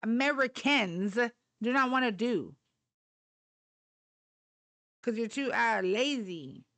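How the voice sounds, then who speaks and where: A woman's voice: on the high side, animated, slow, fairly bright tone. A middle-aged woman hosting a live political talk stream, blunt, profane and fired up. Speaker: livestream host.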